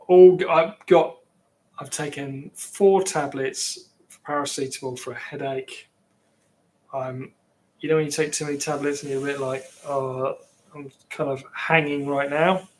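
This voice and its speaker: A man's voice: mid-range voice, fairly even intonation, a little slow, long pauses, a little mellow. A man from England with an English accent, rambling casually as he chats with viewers on his livestream. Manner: rambling, chatty, reacting to viewers. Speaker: livestream host.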